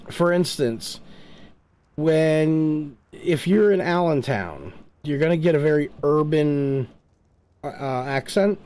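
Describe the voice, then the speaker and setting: A man's voice: a little high, darkish tone, clean tone. A middle-aged man from New Jersey, rambling through a casual chat while gaming and telling stories with lots of filler words. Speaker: streamer.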